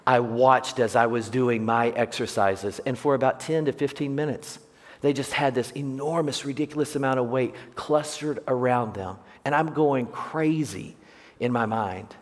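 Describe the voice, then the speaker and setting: A pastor delivers his sermon through personal stories, throwing questions and jokes to the congregation. His medium-pitched voice carries a long reverb from a large sanctuary. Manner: jokey storyteller, asks the congregation questions. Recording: long church hall reverb.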